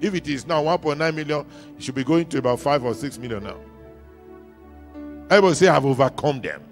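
Gravelly Nigerian pastor preaching emphatically. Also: male voice, fairly high pitch, expressive, fast talker, faint music behind. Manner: emphatic call-and-response preaching, repeating lines. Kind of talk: sermon. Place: church.

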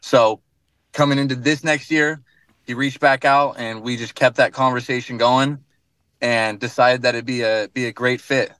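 A man's voice: mid-range voice, steady tone, moderate pace, fairly bright tone, clear, resonant tone, no echo. Laid-back young American man, dry sound. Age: young adult. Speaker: guest basketball player. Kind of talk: radio interview from afar. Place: in his car.

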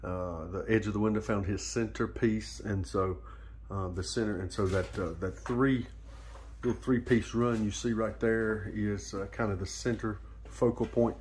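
A man's voice: lowish voice, fairly even intonation, normal speed, a little mellow, a little hiss or hum. A man walking viewers through kitchen work in a casual vlog, explaining step by step with plenty of fillers. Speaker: vlog co-host, pastor. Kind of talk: casual home-remodel vlog walkthrough. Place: indoors in a kitchen.

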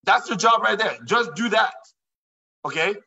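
A man hosting a live sales presentation, pitching playfully and joking with his audience, often acting out what they might say. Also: expressive, unhurried, creaky, bright, forceful tone, slightly rough. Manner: playful, joking, quotes imagined listeners. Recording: distant, dull lo-fi sound.

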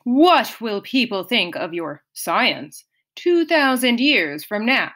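A haughty, impatient camp director in a storybook reading, put on by a woman. He scoffs and sneers at mortals, drawing his words out slowly with a swooping, lively lilt. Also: on the high side, pitched above the performer's own voice, full character voice. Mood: condescending. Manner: scoffing, condescending. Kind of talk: audiobook reading.

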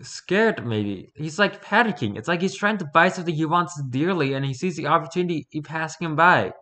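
A man casually reading a spooky first-person story aloud, relaxed and unpolished, stumbling and correcting himself as he goes. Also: on the high side, fairly quick. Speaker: story reader.

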